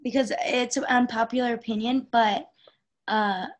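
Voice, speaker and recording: A woman's voice: on the high side, fairly even intonation, moderate pace. A young woman co-hosting a podcast, chatting casually with blunt, playful jokes. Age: young adult. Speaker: podcast co-host. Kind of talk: casual chat.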